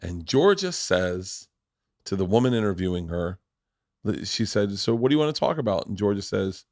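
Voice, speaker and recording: A man's voice: lowish voice, moderate pace, no room sound, studio quality. A man in his forties, a podcast host, telling family stories in casual chat, swearing freely and acting out the people in them. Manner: profane, animated storyteller acting out family members.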